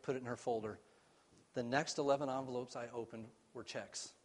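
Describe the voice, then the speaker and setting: A medium-pitched male pastor preaches a sermon, earnestly telling a story. His delivery swings between raised passages and hushed ones.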